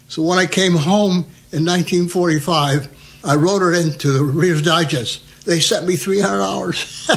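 A man in his nineties from New Jersey, telling rambling oral-history war stories with chuckles and restarts. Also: fairly high pitch. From New Jersey, USA. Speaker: war veteran interviewee.

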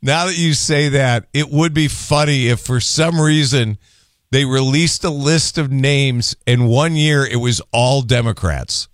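A man hosting a call-in radio show, chatting and joking with callers in a relaxed, drawn-out way. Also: mid-range voice, no echo, clean studio sound. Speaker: radio talk show host. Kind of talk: casual call-in talk.

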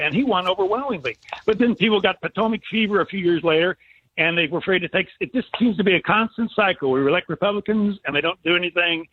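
A man's voice: high voice, husky. A man on a phone line, complaining in an exasperated, repetitive way during a political call-in chat.

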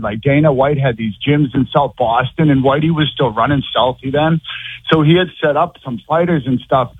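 A man calling in to a sports radio show, rambling in an excitable way. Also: mid-range voice, husky, no room sound. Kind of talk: phone-in call. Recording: tinny phone line.

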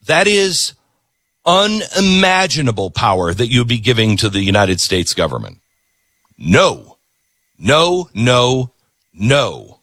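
A man's voice: mid-range voice, bright, forceful tone, no room sound. A middle-aged man hosting a talk show, delivering an emphatic political monologue and repeating words for stress.

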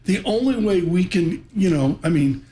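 A man's voice: high voice, animated, moderate pace, mellow. A middle-aged man hosting a live radio show, talking in an effusive, rambling way with joking asides.

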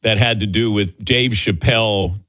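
A man's voice: on the low side, normal speed, a bit bright. A man hosting a sports radio show, chatting casually and laughing easily with his crew.

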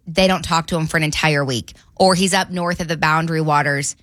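Female radio host, lower pitch, dry studio sound, talkative. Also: fairly quick, few pauses, dry recording. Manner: chatty, animated storytelling. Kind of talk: casual morning radio banter.

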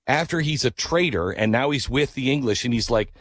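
A man hosting a talk radio show, telling a story in a casual, animated way and rising into incredulous outbursts. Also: medium pitch, fairly quick, husky, no room sound, clean studio sound.

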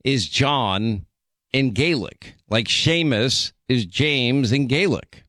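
A talk radio host with a New York accent trades playful jabs with his co-host. His voice sits at an everyday pitch. It is close-miked in a dry studio with no room sound. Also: expressive, fairly bright tone, no echo. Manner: playful teasing, quick asides. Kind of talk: casual on-air banter.

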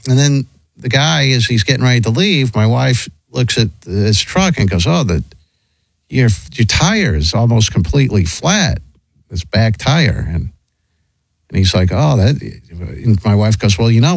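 A middle-aged man spins a rambling anecdote in casual chat, restarting his sentences often. His pitch swoops widely as he talks. The sound is dry and close. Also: vocal fry, dry recording, low-quality recording. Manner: rambling, animated, frequent restarts.

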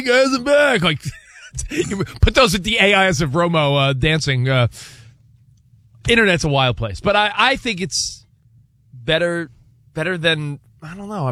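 Male sports radio host, fairly high, lively pitch, dry studio sound, rambling and jokey. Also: no room sound. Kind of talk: casual sports talk.

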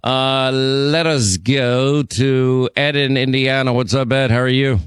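A middle-aged man hosting a call-in radio talk show, quick and conversational, stammering a bit when he defends himself. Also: medium pitch, steady tone, clean tone, dry recording, clean studio sound.

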